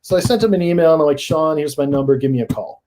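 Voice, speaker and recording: A man guest on a paranormal podcast, telling his stories in a casual, animated way that rises into excited emphasis. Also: on the high side, fast talker, slight background noise. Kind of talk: casual storytelling in a podcast interview.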